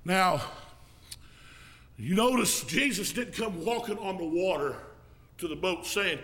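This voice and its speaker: A man preaching as an evangelist in a folksy style, now and then rising to a shout and coughing. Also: high voice, animated, unhurried, pauses often. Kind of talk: sermon.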